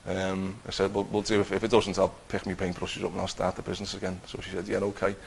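Gravelly-voiced man giving testimony. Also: sits low, monotone, slight background noise, rough recording. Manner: earnest, halting storytelling with many restarts. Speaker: Christian teacher giving testimony. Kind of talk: personal testimony.

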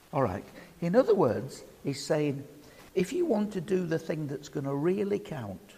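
A man's voice: a little high, a little mellow, breathy edge. A man preaching a sermon, putting questions to the congregation and bantering with them by name. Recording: reverberant hall.

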